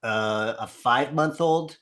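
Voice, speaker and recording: A man hosting a live paranormal show, asking questions and pausing often with fillers. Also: mid-range voice, a bit bright. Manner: hesitant, many fillers. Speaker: host.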